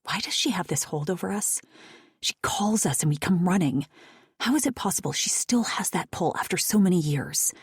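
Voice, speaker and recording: A woman voicing a guarded, secretive woman who answers quietly and evasively, with a low husky voice. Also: lively intonation, moderate pace, dry recording, studio quality, heavily acted. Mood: brooding.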